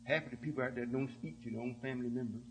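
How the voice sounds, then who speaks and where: A man's voice: medium pitch, steady tone, rapid-fire, a little hiss or hum, poor audio. A man giving an emphatic sermon-style talk to his followers, often checking that they understand. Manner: emphatic, keeps asking "you see?". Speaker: religious speaker.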